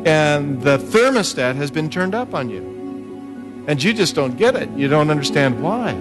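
A man preaching an earnest, encouraging sermon with slow, steady emphasis. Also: a little high. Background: music.

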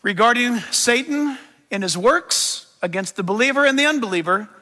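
A middle-aged male pastor preaching an animated, emphatic sermon with humorous asides. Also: very high voice, normal speed, in a large hall.

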